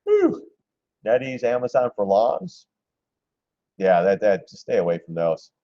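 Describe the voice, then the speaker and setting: A middle-aged man doing casual live-stream market commentary, blunt and excitable, swearing casually and laughing often. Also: on the low side, moderate pace, no room sound, dull audio. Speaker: stock trading live-streamer.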